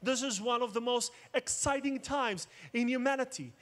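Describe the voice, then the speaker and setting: A man's voice: very high-pitched, normal speed, fairly bright tone. A man giving a keynote talk, mixing jokes with dramatic storytelling. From Israel. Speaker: conference speaker. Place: outdoor festival main stage.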